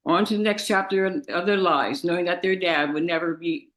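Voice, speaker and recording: Tearful young woman, bright voice. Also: on the low side, poor audio. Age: about 20. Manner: tearful, halting, grief-stricken, with restarts. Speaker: victim's daughter giving an impact statement. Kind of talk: reading a victim impact statement in court. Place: courtroom.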